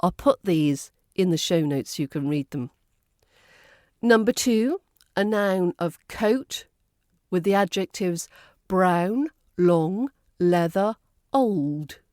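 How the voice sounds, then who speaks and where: A woman's voice: lowish voice, lively intonation, darkish tone, no echo, clean studio sound. A woman with a Southern English RP accent, teaching a podcast lesson and modelling example phrases carefully. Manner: clear, deliberate demonstrations. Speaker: accent coach.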